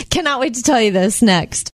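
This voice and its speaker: A woman co-hosting a casual talk show, chatty and quick to laugh as she tells stories. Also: on the high side, big pitch swings, dry recording, studio quality. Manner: chatty, laughs often, storytelling. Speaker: radio show co-host. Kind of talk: casual morning show banter.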